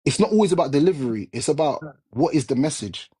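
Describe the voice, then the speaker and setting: A man with a Jamaican accent holds forth on a live talk stream. His voice is mellow and husky, and he lectures emphatically, circling back to repeat each point. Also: on the high side, lively intonation, quick pace. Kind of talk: casual chat.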